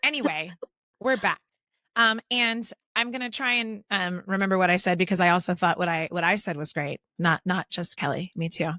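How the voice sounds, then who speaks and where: A woman hosting a podcast in casual chat, talking in a chatty, giggly way with quick restarts. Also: lowish voice, bright, forceful tone, dry recording. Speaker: podcast host.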